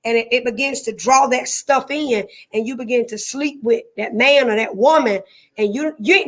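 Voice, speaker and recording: A woman's voice: a little high, moderate pace, a bit bright. A woman with a Southern drawl hosting a casual live stream, chatting folksily with viewers, repeating herself and greeting them by name.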